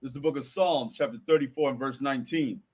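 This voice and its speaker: Husky man reading scripture aloud. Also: mid-range voice, fast talker, a little mellow. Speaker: scripture reader.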